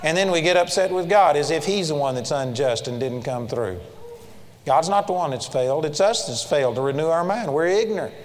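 A male preacher with a notably high voice, delivering a sermon with emphatic swings between loud peaks and hushed low asides. His voice rings with a long reverb, as in a big hall. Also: expressive, fairly quick.

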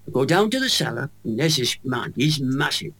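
A Welsh man in his eighties, a guest in an interview, telling a faith story with lively storytelling. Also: mid-range voice, brisk, gravelly. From Wales. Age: 80s. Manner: animated storyteller acting out quoted voices.

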